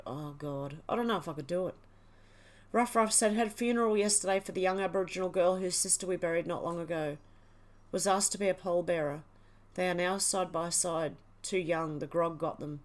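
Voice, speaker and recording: A woman, hosting a casual livestream, reading headlines and viewer comments in a chatty, exclaiming way and laughing often. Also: mid-range voice. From Australia. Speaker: livestream host.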